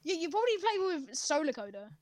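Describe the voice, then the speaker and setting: A teenage girl co-hosts a casual podcast, pleading, teasing and quick to get annoyed. Her voice is high and swings widely up and down. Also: very animated, darkish tone, dry recording, clean studio sound. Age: teens. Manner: whiny, teasing, easily irritated. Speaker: podcast co-host. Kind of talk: casual chat.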